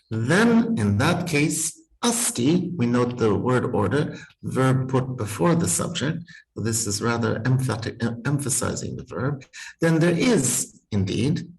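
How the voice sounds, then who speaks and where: Gravelly-voiced professor thinking aloud. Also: male voice, mid-range voice, poor audio. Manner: thinking aloud, careful, hesitant restarts, frequent small laughs. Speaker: Sanskrit professor. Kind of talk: university text-reading seminar.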